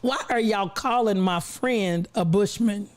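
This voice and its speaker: A woman's voice: medium pitch, measured pace. A woman hosting a casual livestream, greeting viewers from the chat with a playful, preacher-like cadence and frequent laughter, her voice a little worn from recently losing it. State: recovering voice, coughing. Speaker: livestream host.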